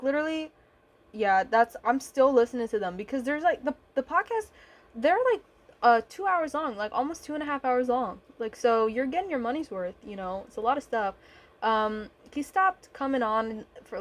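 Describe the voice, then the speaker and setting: A young woman talks through a painting video in an easy, rambling way, with plenty of ums, likes and swearing. Her voice sits a little high for a woman. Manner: rambling, swearing, lots of fillers. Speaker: vlogger. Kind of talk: casual chat over painting footage.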